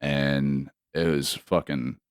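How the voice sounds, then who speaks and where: A man's voice: very deep voice, steady tone, takes it slowly, clear, resonant tone, no echo, studio quality. A man co-hosting a podcast in casual chat, cursing freely and laughing often. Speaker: podcast co-host.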